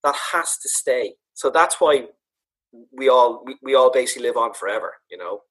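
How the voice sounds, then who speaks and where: A man's voice: mid-range voice, animated, moderate pace, fairly bright tone, husky. A man, a comedian chatting casually and acting out voices as he tells stories. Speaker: podcast co-host, comedian. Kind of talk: casual chat.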